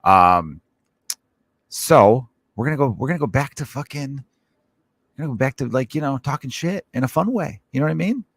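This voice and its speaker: A man's voice: mid-range voice, animated, normal speed, no echo. A man hosting his own comedy podcast, ranting casually with lots of swearing and rambling asides. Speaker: podcast host.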